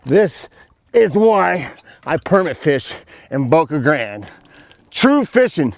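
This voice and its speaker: Hosting his show from a boat outdoors, a fishing guide talks to viewers with excited, folksy commentary while breathing hard. His voice is a little high and creaky, his pace slow, and the recording dry.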